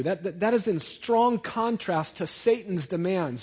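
A man preaching a sermon in a deliberate way, often dropping low and soft at the ends of phrases. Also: animated, breathy edge, dull audio. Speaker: pastor.

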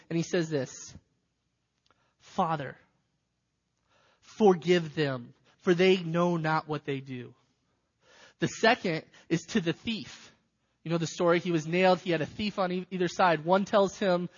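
A man preaching with a slightly high voice, swinging from shouted cries down to hushed lines. His voice rings out through a large hall with a long reverb tail, and the sound is a bit dull and muffled. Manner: dramatic, swinging from loud cries to near-whispers. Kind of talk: sermon.

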